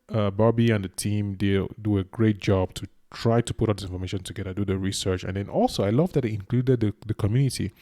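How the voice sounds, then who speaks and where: A man's voice: lowish voice, warm tone. A man hosting a reaction channel, talking casually and earnestly straight to his viewers. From Cameroon. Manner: chatty, earnest, addresses viewers directly.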